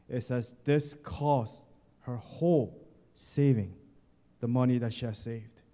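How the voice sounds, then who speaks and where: A man preaching a sermon at a slow, deliberate pace, his voice warm and mellow. He addresses the congregation directly and hammers each point home with repeated words and lists. The voice carries a long reverb from a large church hall. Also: mid-range voice. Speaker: pastor. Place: church sanctuary.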